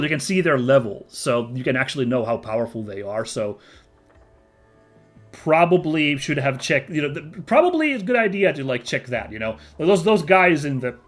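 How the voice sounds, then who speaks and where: A man playing through a game and talking it over casually, with a lively pitch that jumps around. He chuckles easily, and faint game music sits under his voice. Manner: chatty, laughs often, reads game text aloud. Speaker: gaming video host.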